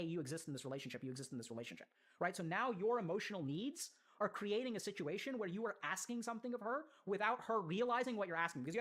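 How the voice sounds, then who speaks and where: A mental health commentator talks quickly through a viewer's letter and keeps a steady middle pitch. The delivery is earnest and explanatory, with many "like"s and tag questions of "right?".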